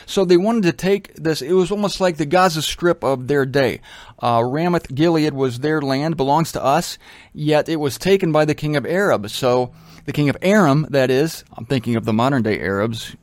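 A man's voice: on the high side, normal speed, dry recording. A man teaching from the Bible in a casual, conversational way, with joking asides. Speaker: preacher.

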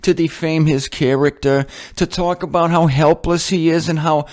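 A whiny, scandalized critic asks one pleading question after another in a sing-song lilt, as a man puts him on. The voice sits a bit high for a man. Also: level tone, moderate pace, a little mellow, natural voice. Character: whiny, shocked adult male religious critic.

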